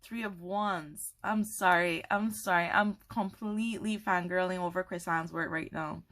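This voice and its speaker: A woman unboxing a tarot deck on camera, gushing and excitable, apologizing and laughing often. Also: fairly low pitch, a little slow. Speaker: tarot content creator. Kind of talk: casual unboxing chat to camera. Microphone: camera mic, holding cards up to camera.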